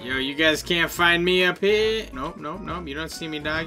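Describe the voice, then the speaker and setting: A man giving excitable, slangy commentary over his own gameplay, laughing often and yelping when he gets caught. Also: fairly high pitch, moderate pace, faint music behind. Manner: slangy, playful trash talk. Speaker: gaming YouTuber.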